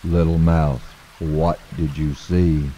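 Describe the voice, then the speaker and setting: Man playing a calm, wise old frog. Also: very deep voice, highs cut off, full character voice. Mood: patient. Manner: slow, calm and patient. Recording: long hall reverb.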